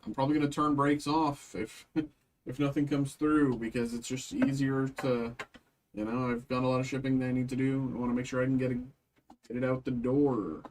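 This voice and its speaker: A man's voice: medium pitch, level tone, moderate pace, darkish tone, a little hiss or hum, low-quality recording. A man hosting a live card-break stream, chatting casually to viewers and humming nonsense beeps while he works. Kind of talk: casual livestream chat. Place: shop stream room.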